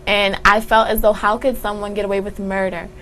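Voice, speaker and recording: A woman's voice: medium pitch, little pitch movement, fairly quick, fairly bright tone, slight background noise, low-quality recording. A young woman, a college student guest on a talk show, telling her story in a heartfelt, emotional way. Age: young adult.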